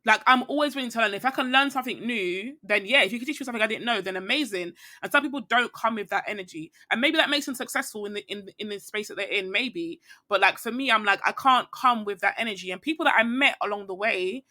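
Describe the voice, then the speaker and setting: A woman's voice: on the high side, fast, few pauses, bright, forceful tone. A woman chatting candidly as a podcast guest, rambling and reflective, with plenty of fillers and restarts. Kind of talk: casual conversation.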